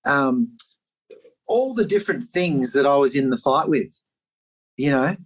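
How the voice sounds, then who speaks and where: A middle-aged man speaks as a guest in a conversation, recounting a personal experience in an animated way. He leans on filler words and jumps his voice around to act out the things people said. His pitch sits in an ordinary middle range for a man. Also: a little slow, rough recording. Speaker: interview guest.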